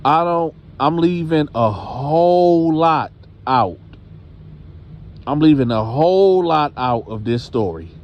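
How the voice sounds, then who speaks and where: A man casually telling a story, animated and conversational, speaking directly to his audience. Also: fairly high pitch, slow, lo-fi sound. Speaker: storyteller host.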